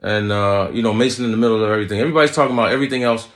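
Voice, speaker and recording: An animated, profane man tells a comic story in a lowish voice and keeps checking in with "right?". Background noise runs under the whole recording. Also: rapid-fire. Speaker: comedian, show host. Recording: noisy recording.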